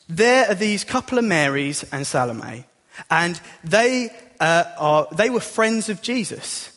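A man's voice: sits high, fairly bright tone. A young man giving a chatty, self-deprecating sermon as a youth leader in a church. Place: church hall. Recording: long hall reverb.

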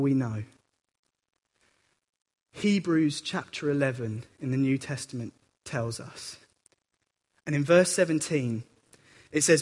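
A man preaching a sermon with animated delivery, swinging between dramatic outbursts and quiet reflection. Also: a little high, slightly rough. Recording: echoey hall reverb.

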